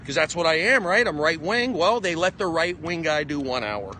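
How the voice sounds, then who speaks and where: Male comedian, fairly high voice, excitable rambling phone livestream, faint traffic hiss behind. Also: moderate pace. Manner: excitable, emphatic, jumping between topics. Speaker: stand-up comedian. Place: outdoors on a walk.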